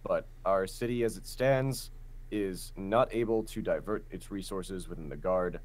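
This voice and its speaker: A man's voice: deep voice, measured pace, low-quality recording. A man voicing a stiff male city guard who talks in a formal, dismissive way.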